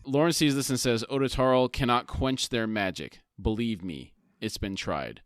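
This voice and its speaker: A man's voice: mid-range voice, a little slow, dry recording, studio quality. A man co-hosting a book podcast, recapping chapters and reading dialogue aloud in plain tones. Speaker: podcast co-host. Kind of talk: casual chat and plot recap.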